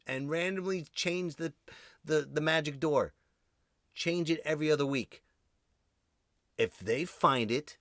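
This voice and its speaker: A man hosting his own podcast, rambling through a jokey monologue that swings between loud outbursts and muttered asides. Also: a little high, no room sound, clean studio sound. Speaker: podcast host. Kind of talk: comedic solo podcast monologue.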